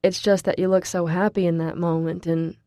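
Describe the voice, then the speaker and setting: A woman voicing a laid-back college guy with a slow drawl. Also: lowish voice, level tone, warm tone, dry recording, studio quality, natural voice. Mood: tender. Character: young man, laid-back charming college boyfriend.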